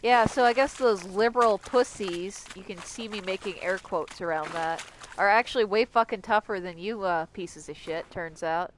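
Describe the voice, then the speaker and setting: A woman's voice: mid-range voice, normal speed, a little hiss or hum. A young adult woman streaming a game, ranting casually with lots of swearing and sarcasm. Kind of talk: casual livestream commentary.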